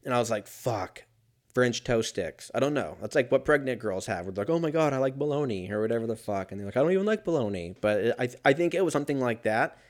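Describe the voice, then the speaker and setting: A man's voice: medium pitch, expressive, fast. A man talking alone in a casual monologue as a podcast host, rambling and swearing and often laughing.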